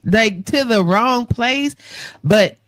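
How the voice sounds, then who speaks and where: A woman hosting a casual radio talk show, chatty and lively, acting out quotes as she tells stories. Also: on the high side, takes it slowly, dry recording, clean studio sound. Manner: chatty, animated storyteller, acts out quotes. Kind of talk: casual chat interview.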